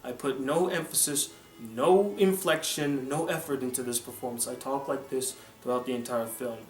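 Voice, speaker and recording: Male reviewer parodying a listless monotone actor, low and deadpan. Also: moderate pace, roomy sound, faint music behind, natural voice. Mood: bored monotone. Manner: monotone, no inflection. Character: flat, bored male voice actor mocked as lifeless.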